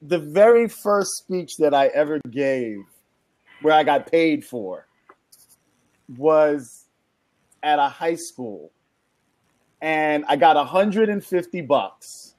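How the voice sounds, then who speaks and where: Man with a higher voice, dry sound. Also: animated, takes it slowly, long pauses, a little mellow, no room sound. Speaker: panel guest, speaker. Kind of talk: anecdotal storytelling.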